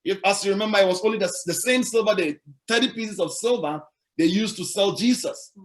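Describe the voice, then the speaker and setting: A man's voice: high voice, a little fast. A male pastor preaching a sermon, emphatic and repetitive, asking the congregation rhetorical questions.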